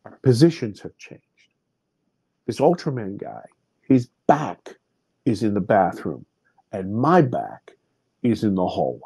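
A man's voice: fairly low pitch, sing-song, a little slow, gravelly, long pauses, dark tone, slightly rough, no room sound. A man in his fifties, a podcast guest, vividly retelling a personal experience with many restarts. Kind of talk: personal storytelling in an interview.

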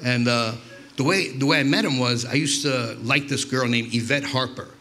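A male comedian from New York works through a stand-up set in a bright, forward voice. He rambles, curses often and trips over his own restarts. His pitch sits in a middle range. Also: moderate pace, a little hiss or hum. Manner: profane, rambling, self-interrupting. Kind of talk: stand-up storytelling.

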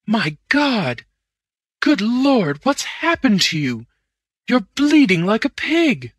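A man voicing a gruff male bank manager who speaks in loud, exclamatory bursts. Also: high-pitched, animated, unhurried, no room sound, studio quality, voice pushed up, heavily acted. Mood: alarmed. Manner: loud, exclamatory, sharply raised voice.

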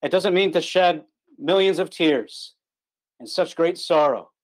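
A man with a fairly high voice preaches a gospel sermon to listeners on an online call. He is earnest and emphatic, hammering home key words through repetition. His pitch swings between lifted stresses and low, quiet drops. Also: a little slow.

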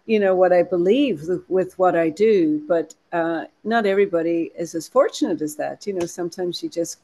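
A woman in her sixties with a soft Irish accent, chatting animatedly in an interview with frequent restarts. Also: on the low side, moderate pace. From Ireland. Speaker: actress and producer. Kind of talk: interview conversation.

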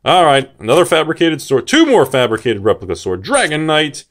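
A man hosting a card-collecting channel, talking excitedly to his viewers as he opens a booster box and reacts to each card. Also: fairly high pitch, brisk. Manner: excitable, full of exclamations; chatty, addresses viewers directly. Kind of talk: booster box opening commentary.

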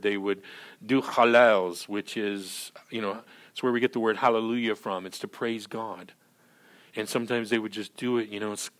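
A male pastor giving a sermon in a lively, conversational way, full of "you know" and "right", often acting out scenes. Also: medium pitch. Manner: animated, acts out scenes in character voices.

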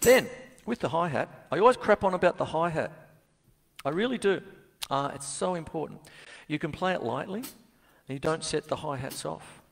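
A man's voice: on the high side, expressive, normal speed, creaky, long pauses, big-room sound. A man, giving a casual, jokey drum lesson on stage in a venue. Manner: chatty and jokey, laughs often. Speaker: drum teacher. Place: music venue theatre stage. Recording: live drum kit loud behind voice.

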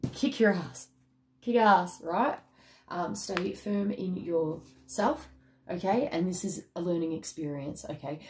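A woman's voice: deep voice, dark tone. A woman giving a casual tarot reading, chatty and emphatic with mild swearing and a habit of ending lines with "okay?". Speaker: tarot card reader.

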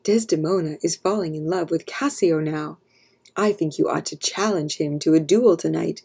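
A woman's voice: low-pitched, normal speed, creaky, a little mellow, breathy edge, heavily acted. A woman reading aloud, voicing a sly, resentful male soldier who schemes and sometimes whispers. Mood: whispering.

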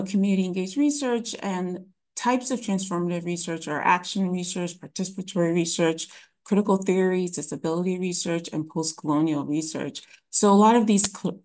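A woman presenting an academic lecture in a webinar, explaining ideas in a measured way with frequent ums and restarts. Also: fairly low pitch, darkish tone.

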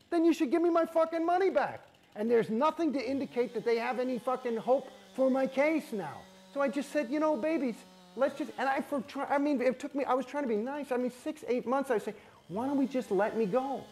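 Husky-voiced man telling a blunt story. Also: extremely high pitch, darkish tone. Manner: emphatic, profane, rambling with restarts. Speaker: interview guest. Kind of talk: candid storytelling.

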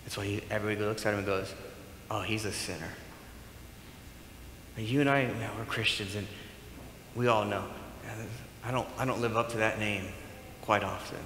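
A man preaching a sermon as pastor, animated and playful, acting out bits of dialogue. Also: lowish voice, brisk, slight background noise. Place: church sanctuary. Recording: echoey hall with faint room ambience.

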